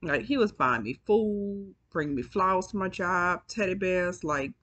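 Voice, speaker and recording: A woman's voice: fairly low pitch, normal speed, fairly bright tone. A woman telling a story to her viewers in a chatty, profane, casual way, yawning as she goes. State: yawning, sleepy. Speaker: storytime vlogger.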